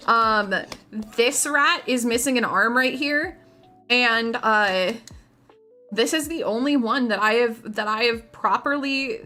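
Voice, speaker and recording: A woman's voice: a little high, bright, forceful tone. A woman streamer chatting casually to her viewers while painting miniatures, rambling, giggling and often restarting her sentences.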